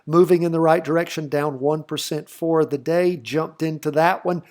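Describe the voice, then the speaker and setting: Over market charts, a middle-aged host with a slight Southern accent gives casual, chatty commentary in a folksy way, thinking aloud with fillers. His fairly high voice is steady and a little mellow at a moderate pace.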